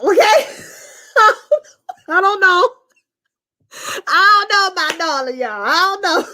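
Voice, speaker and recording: This woman hosts a live review chat. Her voice sits high and bright. She talks in animated, cussing bursts and acts out what the characters said in put-on voices. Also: slow pace. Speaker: show reviewer.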